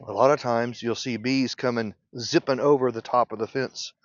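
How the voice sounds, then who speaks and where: A male beekeeper teaching casually while working in his apiary, thinking aloud in an unhurried way and often clearing his throat. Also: medium pitch, fairly even intonation, no room sound, dull audio. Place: outdoor apiary.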